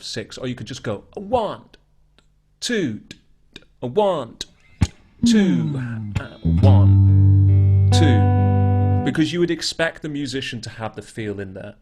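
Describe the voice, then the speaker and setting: Chatty guitar teacher. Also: male voice, medium pitch. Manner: chatty, explains while scatting rhythms. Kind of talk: online group lesson.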